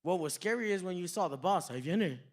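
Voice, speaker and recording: High-pitched guy from new mexico doing a standup set, easygoing, keeps doing little voices for people in his stories. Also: quick pace. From New Mexico, USA. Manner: laid-back storytelling, drops into quoted voices. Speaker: stand-up comedian. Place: comedy club stage.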